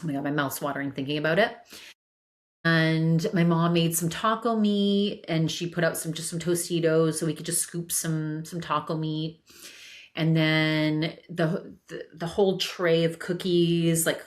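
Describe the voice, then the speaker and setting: A woman's voice: deep voice, steady tone, measured pace. A woman hosting a solo podcast, chatting casually and telling a family story with lots of restarts and repeated words. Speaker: podcast host.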